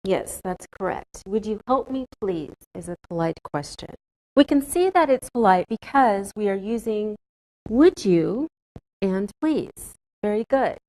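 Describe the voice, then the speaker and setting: A woman teaching English in a scripted classroom lesson, speaking slowly and carefully with clear enunciation. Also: medium pitch, animated, a little mellow, poor audio.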